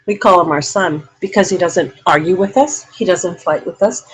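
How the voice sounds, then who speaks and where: A woman hosting a relaxed live paranormal chat from a room in her home, rambling and chatty. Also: on the low side, normal speed, slight background noise, low-quality recording. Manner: rambling, chatty, laughs often.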